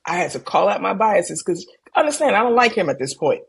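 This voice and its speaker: Middle-aged woman, ER doctor guest, low husky gravel, calm candid storyteller. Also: fairly quick. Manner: calm, candid, animated when quoting others. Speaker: ER physician guest. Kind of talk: conversational storytelling.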